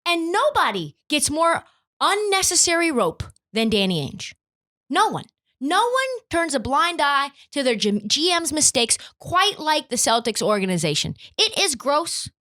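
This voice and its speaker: A woman's voice: sits high, big pitch swings, a little slow, sharp tone. A young woman hosting a sports podcast, ranting in an emphatic, profane, opinionated way. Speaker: podcast host.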